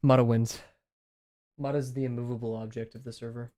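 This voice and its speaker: A young man streaming his drawing session, rambling casually with viewers, self-deprecating and quick to laugh. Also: medium pitch, little pitch movement, warm tone, no echo, studio quality. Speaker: drawing livestreamer.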